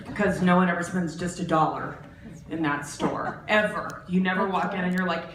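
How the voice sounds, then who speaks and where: A woman in her forties doing a stand-up comedy set, animated and lively, jumping into loud, high voices for the people in her stories. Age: 40s. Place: art center stage. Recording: roomy, distant, faint background noise.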